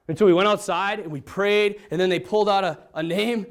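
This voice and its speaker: A man, a priest, telling a personal story to an audience, swinging from hushed to excited. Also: high voice, a little fast. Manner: lively, dramatic swings from hushed to excited, laughs often. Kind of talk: animated storytelling talk to an audience.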